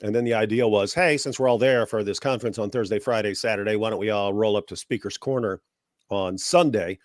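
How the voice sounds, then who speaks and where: A man's voice: on the low side, fairly quick, no echo, clean studio sound. A man from the United States who has a cold, chatting casually as a guest in a sarcastic, mocking way. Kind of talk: casual chat.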